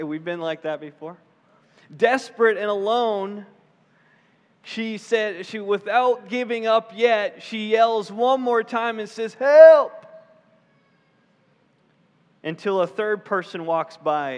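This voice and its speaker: A man with a high voice preaches a sermon, telling a story with animated, acted-out voices. His voice rings with the long reverb of a large hall. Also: unhurried. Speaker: pastor.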